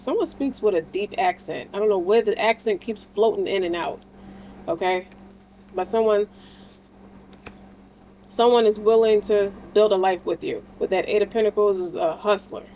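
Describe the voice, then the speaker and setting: A woman's voice: medium pitch, warm tone, slight background noise, low-quality recording. A woman giving a casual spiritual tarot reading, talking in a blunt, slangy and encouraging way and swearing freely. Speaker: tarot card reader.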